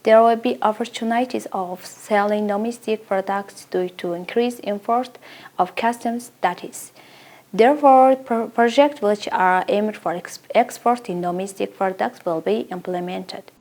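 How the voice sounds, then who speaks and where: Woman reading the english news, careful and formal, kinda mellow dark tone. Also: medium pitch, a little slow. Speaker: news presenter.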